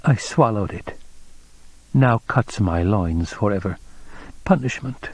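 A man reading an audiobook voices a distraught, confused young woman who speaks in slow, halting fragments. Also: on the low side, expressive, husky, no echo, exaggerated voice, poor audio. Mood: disordered.

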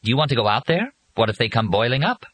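A man's voice: medium pitch, fast talker, slightly rough, dry recording, pitched above the performer's own voice, poor audio. A man voicing a formal robot servant. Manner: formal, calm and explanatory. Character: dutiful male robot servant.

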